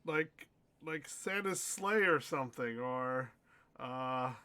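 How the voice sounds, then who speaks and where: A man's voice: high-pitched, animated, slow pace, sharp tone. A tipsy man running a casual tabletop game as game master, joking and laughing often. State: tipsy from drinking.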